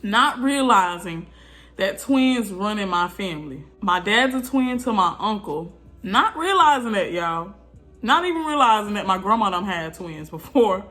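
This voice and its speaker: A woman vlogger casually telling her birth story to viewers, animated and chatty, with frequent asides to the audience. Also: medium pitch, a little slow, soft background music.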